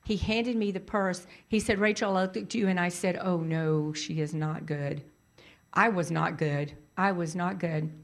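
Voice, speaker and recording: A woman telling a personal story in a casual, animated way, repeating lines for emphasis. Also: fairly low pitch, a little slow.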